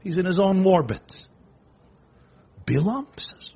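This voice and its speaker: A rabbi preaches a sermon in a husky, fairly high voice. His pitch swings widely as he tells the story. He breaks into rapid bursts of emphasis. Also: animated.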